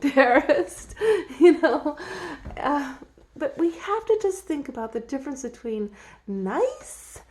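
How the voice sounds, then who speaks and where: A middle-aged woman with a notably high voice hosts her own talk at home. She speaks casually and animatedly, breaking into laughter often and slipping into other people's voices when she quotes them. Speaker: host. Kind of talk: casual direct-to-camera talk. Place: home, emptied out.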